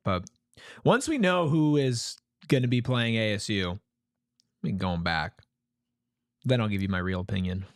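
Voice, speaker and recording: A man co-hosting a live sports watch-along in casual chat, his pitch jumping up when he gets excited. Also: unhurried, long pauses, clean tone, dry recording, studio quality. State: chewing snacks while talking at times.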